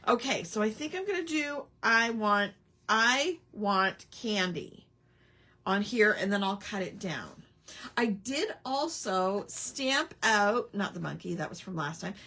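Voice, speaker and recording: A woman's voice: medium pitch, animated, takes it slowly, bright, forceful tone. A woman hosting a casual live crafting stream, rambling with lots of ums and chatting back to viewer comments. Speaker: crafting livestream host.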